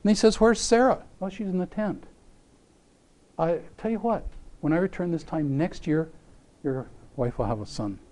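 A man's voice: a little high, normal speed, darkish tone. A man preaching a sermon. He tells a scripture story with animation, acts out voices in it, and asks rhetorical questions.

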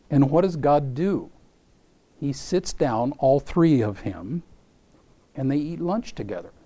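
A man's voice: on the high side, mellow. A man preaching a sermon. He tells a scripture story with animation, acts out voices in it, and asks rhetorical questions.

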